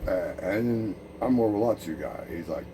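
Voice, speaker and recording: A man's voice: on the low side, lively intonation, a little fast, recorded from a distance, background noise. A man speaking a profane, meandering monologue, full of restarts, jumping between ideas. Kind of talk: rambling monologue.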